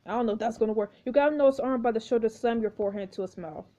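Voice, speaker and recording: Mellow woman narrating a story game. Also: on the high side, fast. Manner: expressive, exclaiming reactions. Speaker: gameplay narrator. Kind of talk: reading a story game aloud with commentary. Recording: dull lo-fi recording.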